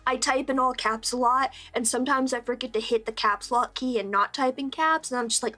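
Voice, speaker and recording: A woman's voice: sits high, moderate pace, pushed and bright, faint music behind. A young woman streaming while she draws, chatting casually in a rambling, self-deprecating way and laughing often.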